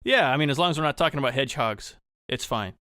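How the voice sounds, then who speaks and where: A man's voice: mid-range voice, expressive, quick pace, pushed and bright, no room sound. A man from Michigan, a guest on a casual podcast, teasing the host in a wry way. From Michigan, USA.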